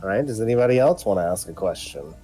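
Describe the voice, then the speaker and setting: A player in a tabletop game, playful and quick to laugh, with faint music behind. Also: deep voice, expressive, dark tone, slightly rough, poor audio.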